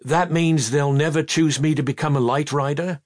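A man's voice: on the high side, fairly even intonation, normal speed, a little mellow, dry recording, studio quality, voice pushed up, lightly acted. A man doing a tense, impatient boy. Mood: anxious. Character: anxious, headstrong young boy hero.

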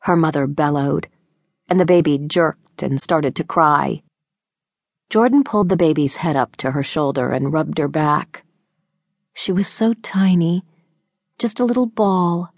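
Brief: female audiobook narrator, measured scripted read, lower voice, dry close studio sound. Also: darkish tone, no room sound.

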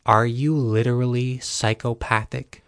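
A man's voice: mid-range voice, flat delivery, unhurried, no echo, studio quality, lightly acted. A man doing a shaken, tearful young man. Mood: distraught.

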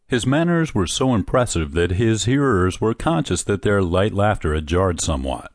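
An audiobook narrator with a deep, low voice reads a classic short story from a script in measured, steady tones. The recording is dry and close, with no room sound or echo.

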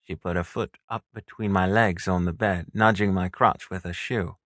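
A man narrates an audiobook in the first person, his lowish voice carrying a crisp, forward edge. The delivery is measured and intimate, close to the mic in a dead, dry studio. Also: steady tone, fairly bright tone, dry recording.

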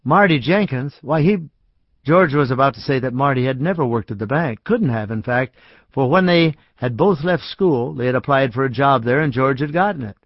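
A man reading a short story aloud as audiobook narrator, calm and even. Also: mid-range voice, brisk, dry recording. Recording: dry, slightly dull audiobook recording.

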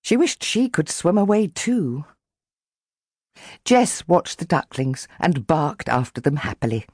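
A woman narrating a children's audiobook with lively, animated storytelling. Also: sits low, unhurried, slightly rough, no room sound, studio quality.

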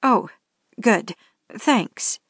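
A woman's voice: on the high side, lively intonation, very slow, a bit bright, breathy edge, dry recording, clean studio sound, full character voice. A woman voicing a nervous young female driver who stammers and rambles apologetically.

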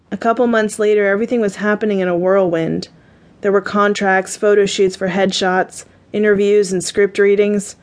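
A woman reading a first-person romance audiobook, her delivery steady and measured. Her voice sits at a middle pitch, plain and unforced, paced like scripted narration.

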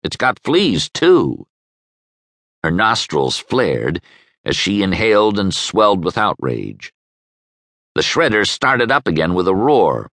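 A man narrating an audiobook with wry, expressive storytelling. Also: low-pitched, unhurried, dry recording. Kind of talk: scripted narration. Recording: dry studio sound.

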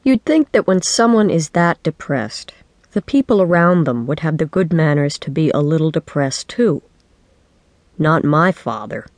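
A woman narrating a children's book in the first person, with lively, wry storytelling. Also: sits low, measured pace, no room sound. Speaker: audiobook narrator. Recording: dry studio audiobook.

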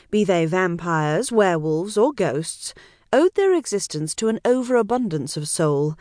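A woman narrating an audiobook in a wry, measured storytelling manner. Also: medium pitch, a little mellow, dry recording, clean studio sound. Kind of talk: scripted narration.

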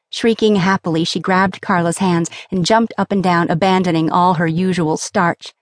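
A woman reads a novel aloud in a steady, measured audiobook narration. Her voice sits on the low side for a woman. The studio recording is close and dry, with no room sound. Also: no echo.

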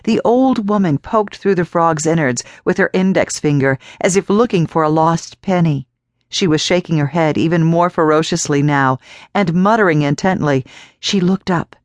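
A woman narrating a horror novel audiobook in a measured, even storytelling voice. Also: on the low side, no echo. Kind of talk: scripted narration.

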